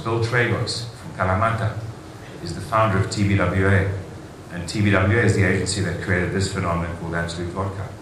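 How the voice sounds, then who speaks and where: A man's voice: lowish voice, a bit bright. Enthusiastic man speaking in a very echoey hall. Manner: enthusiastic storytelling, rhetorical asides. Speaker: conference speaker. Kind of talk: conference keynote speech. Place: large conference hall. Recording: very echoey hall, faint noise.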